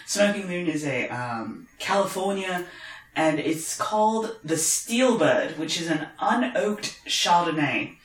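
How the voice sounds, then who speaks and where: This is a man's high-pitched, animated voice, a bit bright and taking things slowly. He co-hosts a podcast from home in a posh London accent touched with northern features, joking wryly in casual chat over wine. Echo from the room is audible.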